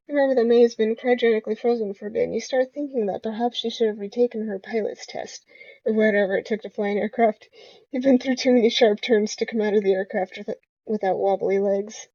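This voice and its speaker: A woman's voice: fairly high pitch, fairly even intonation, fast, mellow, no echo. A young woman playing a dating game aloud, reading the narration and joking playfully with frequent laughs. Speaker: gamer. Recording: dull lo-fi home recording.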